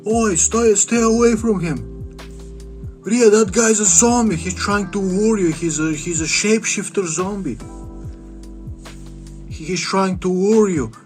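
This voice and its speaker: A man voicing a jealous, frantic husband who yells warnings, with music behind. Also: lowish voice, steady tone, moderate pace, natural voice. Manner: yelling, frantic.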